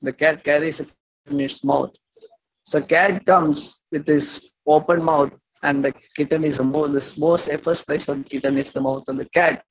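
A man preaching, telling a devotional story in a lecture, acting out its dialogue with some halting fillers. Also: fairly high pitch, fairly even intonation, low-quality recording.

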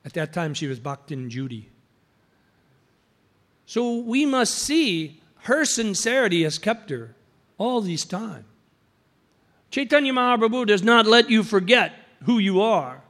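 A man's voice: high voice, sing-song, unhurried, pauses often, a bit bright. A man preaching an anecdotal sermon, telling stories and acting out the voices of the people in them. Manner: storytelling, acts out quoted voices.

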